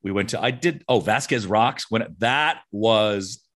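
A middle-aged man co-hosting a podcast, telling stories in casual chat with quick restarts. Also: lowish voice. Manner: animated storyteller, quick restarts. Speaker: podcast co-host.

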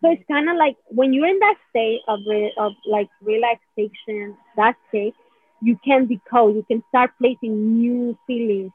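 A woman's voice: on the high side, unhurried, breathy edge, no echo. A woman explaining a healing technique in casual conversation, rambling, saying "right?" a lot and acting out feelings in quoted asides. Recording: dry, phone-like narrow sound.

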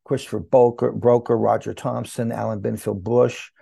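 An older man with a deeply gravelly, husky voice tells his story as an interview guest. His tone is mellow and dark, and he acts out the dialogue as he goes. The sound is dry and close. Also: normal speed, dry recording. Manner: animated storyteller who acts out quoted dialogue. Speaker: guest, hair educator.

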